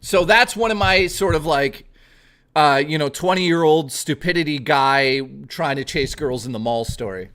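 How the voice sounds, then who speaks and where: Animated, swearing man telling a story. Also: on the high side, normal speed. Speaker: streamer. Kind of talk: casual storytelling on a stream.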